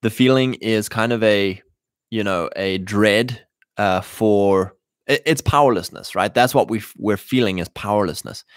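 A show host with a lowish voice and a slightly slow pace rambles through a loose livestream monologue, full of fillers and restarts. The audio is studio quality with no room sound.

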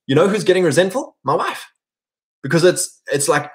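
A middle-aged man giving a casual preaching talk to men, animated and acting out quoted voices as he goes. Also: on the high side, fairly quick. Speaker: Christian men's teacher.

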